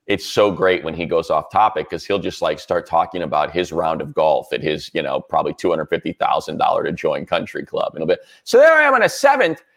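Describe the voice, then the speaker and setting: A man, a sports broadcaster, chatting as a guest and telling animated stories. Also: extremely low pitch, fairly quick, creaky, few pauses. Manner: animated storyteller, does voices. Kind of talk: casual chat on a radio podcast.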